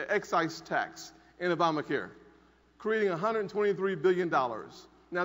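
A man's voice: sits high, fairly bright tone. A man in his forties giving an emphatic conference speech, telling a personal story and repeating key lines from a podium microphone. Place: large conference hall. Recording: dull audio with long hall reverb.

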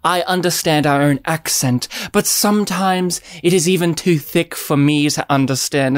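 A woman's voice: low voice, no room sound, clean studio sound. An Australian woman telling a comic story in a rambling, digressive, mock-earnest way.

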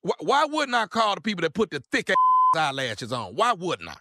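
A man playing an irate husband who rants loudly in slangy talk and makes threats. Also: high-pitched, huge pitch swings, a little fast, dry recording, studio quality, full character voice. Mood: blustering. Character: irate loud husband ranting about his wife's eyelashes. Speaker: prank caller.

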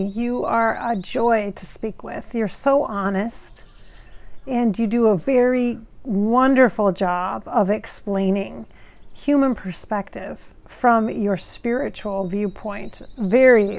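A woman hosting a casual spirit-channeling session as a medium, effusive and full of thanks, with frequent soft laughter. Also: fairly high pitch, vocal fry. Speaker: psychic medium and channel host.

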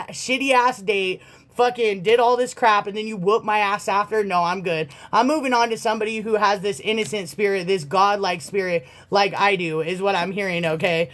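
A tarot reader talking straight to the viewer in a blunt, sassy way, swearing freely. The delivery is loose and conversational, at a middle pitch. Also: fairly bright tone. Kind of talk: casual tarot reading monologue.

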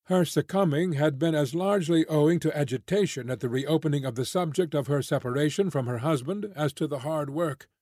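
A man reading a classic novel aloud as an audiobook narrator, measured and clear. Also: fairly high pitch, warm tone, dry recording, studio quality.

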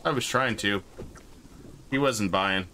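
A man's voice: on the low side, takes it slowly, pushed and bright, a little hiss or hum. A man chatting casually while playing a game online, cracking jokes and puns. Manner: joking, punning. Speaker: streamer. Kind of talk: casual gameplay chat.

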